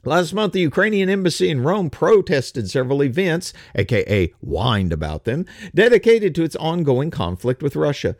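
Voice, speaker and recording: An older man hosting political commentary in a sarcastic, mocking tone. His pitch swings widely as he talks, and he often stumbles over repeated words. The recording is dry and close. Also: very animated, normal speed, few pauses, no room sound. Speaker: host.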